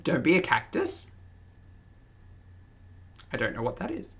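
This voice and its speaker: Reading through her chat and laughing frequently, a mildly accented Australian streamer talks easily with her audience. She speaks in a low register with huge pitch swings and an unhurried, slightly bright delivery, over a little hiss or hum.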